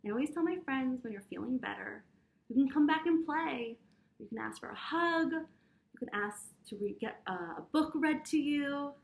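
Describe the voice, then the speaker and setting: Gentle high-voiced woman teaching children. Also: animated, moderate pace, vocal fry. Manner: gentle, encouraging, speaks directly to children. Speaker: preschool teacher. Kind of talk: children's lesson with breathing exercises.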